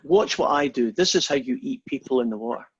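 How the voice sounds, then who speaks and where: A patient, sly father shark explains himself as a man puts him on in a husky voice. The audio is dull and lo-fi, as if heard over an online class call. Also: medium pitch, expressive, quick pace, dry recording. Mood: knowing. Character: sly knowing old male daddy shark.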